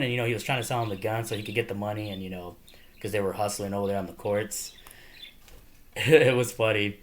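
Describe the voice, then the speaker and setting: A man's voice: fairly low pitch, fairly quick, a little hiss or hum. A man casually talking through a favorite movie, rambling with lots of fillers and frequent laughter. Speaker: movie reviewer. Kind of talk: casual movie review monologue.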